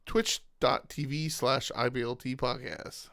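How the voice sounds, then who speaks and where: Smooth-voiced laid-back podcast guy. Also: medium pitch, fairly even intonation, unhurried, fairly bright tone. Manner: laid-back, short replies, dry jokes. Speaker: podcast co-host. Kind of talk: casual chat.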